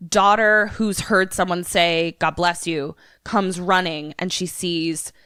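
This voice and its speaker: A woman co-host retells a film plot in loose, casual chat, swearing freely. Her voice sits a little low and is recorded dry and close. She tells it like an animated storyteller. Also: takes it slowly, clear, resonant tone, no room sound. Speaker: podcast co-host. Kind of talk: casual movie recap chat.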